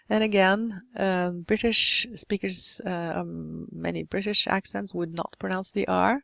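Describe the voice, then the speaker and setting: A Norwegian woman teaching English pronunciation in a slow, careful way, working through example word lists one at a time. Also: medium pitch, vocal fry, no room sound. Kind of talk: recorded phonetics lesson.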